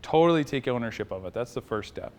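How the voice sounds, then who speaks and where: A man teaching a small group in a relaxed, conversational way, asking them questions and joking now and then. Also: mid-range voice, fast talker. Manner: conversational, quizzes the audience, jokes lightly. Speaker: workshop teacher.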